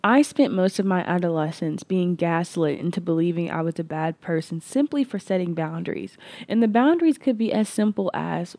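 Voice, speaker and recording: A woman hosting her podcast delivers an earnest, reflective personal monologue, restarting often and using "like" as a filler. Her voice is warm and lowish, at normal speed, with no room sound.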